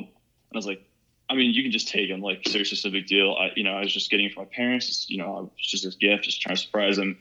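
Fast-talking young man telling a story, sharp tone. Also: on the low side. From Ohio, USA. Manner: rambling, heavy use of "like" and "you know". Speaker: podcast guest. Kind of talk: casual storytelling. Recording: muffled lo-fi recording.

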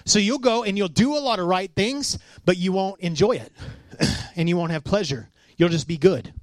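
A man's voice: high voice, moderate pace, no room sound. A man in his thirties preaching a casual, conversational sermon, telling stories and acting out the quotes. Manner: storytelling, animated, acts out quotes. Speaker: pastor.

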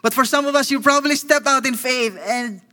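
A man with a Filipino accent preaching a sermon, animated, acting out the lines of the people in his story. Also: very high voice, a little fast, big-room sound. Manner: animated, switching between English and Tagalog, acting out Peter's lines.

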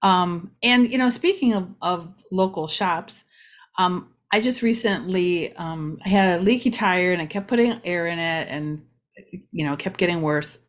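A woman's voice: fairly low pitch, moderate pace. A woman from Ohio hosting a casual local-news vlog, chatty and rambling with many asides. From Ohio, USA. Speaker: local community vlogger.

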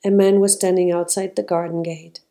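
Woman with a calm, mellow reading voice. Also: on the low side, a little fast. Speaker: narrator. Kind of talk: storybook reading.

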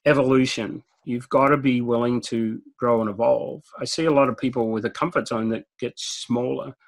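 An Australian-accented man speaks as an interview guest, with a gravelly, fry-laden voice at an ordinary pitch. He tells stories in a direct, talkative way and laughs at his own jokes. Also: steady tone, moderate pace. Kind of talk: conversational storytelling interview.

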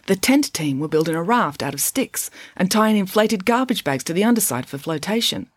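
Woman reading a children's book, lively. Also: on the low side, a little fast, hardly any pauses, no echo. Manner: expressive storytelling. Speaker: audiobook reader. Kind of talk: children's book read-aloud.

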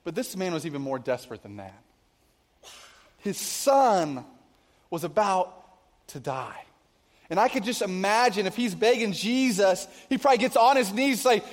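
Pastor, male, high voice, chatty sermon delivery, long hall reverb. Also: animated, moderate pace. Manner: conversational preaching, asks the congregation questions. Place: church venue with a cafe.

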